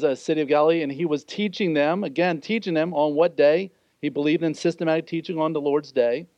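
High-voiced pastor preaching earnestly. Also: male voice, a little mellow, no room sound, dull audio. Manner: earnest expository preaching, acts out quoted voices. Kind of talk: sermon.

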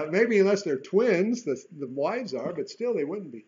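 A male Bible teacher with a fairly high voice works through a chapter verse by verse. He reads the text aloud and keeps breaking into folksy asides and rhetorical questions. The recording sounds dull and lo-fi. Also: lively intonation, measured pace, hardly any pauses, a little mellow.

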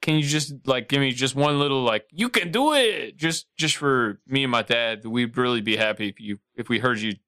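A man's voice: medium pitch, fairly even intonation, brisk, few pauses, pushed and bright, clear, resonant tone, dry recording, clean studio sound. A man hosting a prank phone call, pushy and rambling, coaxing the other side again and again. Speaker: host making a prank call.

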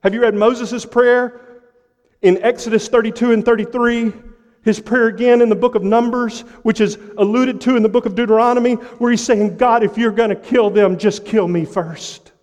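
A man preaching a sermon with impassioned rhetorical questions, pausing for effect and dropping to a hush. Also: sits high, in a large hall. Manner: impassioned preaching with dramatic pauses and sudden drops to a hush. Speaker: pastor.

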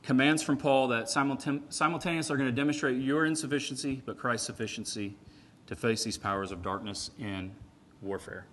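A man preaching a sermon in a conversational, animated way, swinging from loud emphatic peaks to quiet asides. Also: medium pitch, fairly quick, slight background noise. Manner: animated, conversational, with frequent "right?" and "like".

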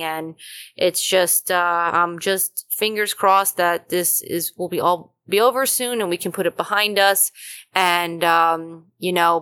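A woman's voice: lowish voice, fairly bright tone. A woman hosting a podcast, chatting casually and rambling with many fillers while feeling unwell. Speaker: podcast host. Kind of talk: casual chat.

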